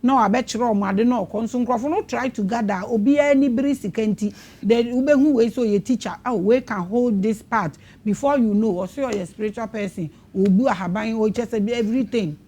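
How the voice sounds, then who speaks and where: A woman's voice: fairly high pitch, a little fast, few pauses, dark tone. A Ghanaian woman hosting an interview, talking animatedly and switching between English and Twi. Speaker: show host.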